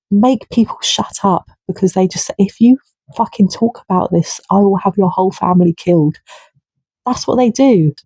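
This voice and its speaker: A woman's voice: mid-range voice, warm tone, husky, dry recording. Indignant, sweary woman ranting. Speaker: vlogger. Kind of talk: impassioned political rant.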